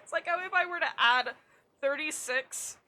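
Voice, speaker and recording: Young woman, game streamer, loose sweary chatter, bright, crisp tone. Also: high voice, moderate pace. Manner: chatty, self-mocking, swears freely. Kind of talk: casual gameplay chat.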